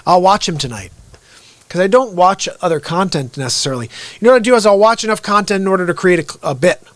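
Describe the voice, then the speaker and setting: A middle-aged man talks straight into a close, dry mic while he hosts a live stream. His voice sits a little high for a man. He is energetic and bursts out loud now and then, then drops to low asides. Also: fast, dry recording. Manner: energetic, with sudden loud outbursts. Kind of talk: unscripted live-stream monologue.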